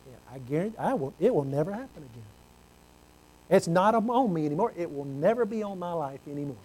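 A man preaching a sermon, earnest, swinging from loud exclamations to hushed low tones. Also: animated, a little fast, poor audio.

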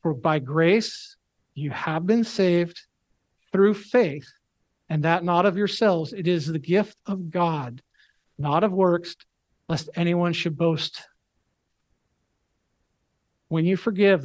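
A man preaching a sermon, earnest and emphatic, slowing down to read scripture aloud. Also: high voice, dry recording.

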